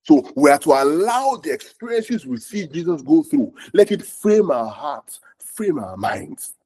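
Husky male pastor, animated sermon delivery with repeated call-and-response lines. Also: a little high, measured pace. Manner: repetitive call-and-response, asks "are we together?".

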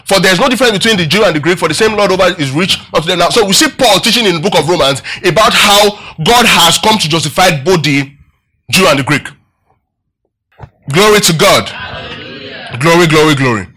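A male preacher teaching from scripture in a high, bright voice. He keeps quizzing the congregation and repeats key phrases to drive them home. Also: fairly quick, husky. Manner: asks the congregation questions, repeats phrases for emphasis. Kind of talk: Bible-teaching sermon.

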